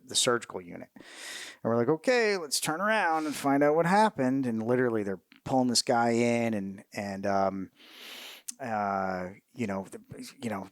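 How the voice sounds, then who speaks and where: A man's voice: lowish voice, dry recording. A middle-aged man, a retired Marine officer, telling war stories in a casual interview, candid and profane, with many fillers and restarts.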